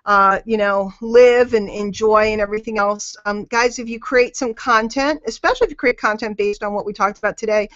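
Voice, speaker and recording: A woman's voice: mid-range voice, steady tone, a little fast, few pauses, a bit bright, no echo, lo-fi sound. A woman coaching a network marketing team on a group call. She talks emphatically and repeats her key phrases for weight.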